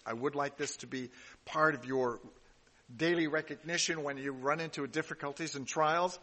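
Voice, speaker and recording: A man's voice: on the high side, steady tone, normal speed, pushed and bright, big-room sound. A man giving a sermon, reading scripture aloud and adding casual asides, with some restarts along the way. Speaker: pastor.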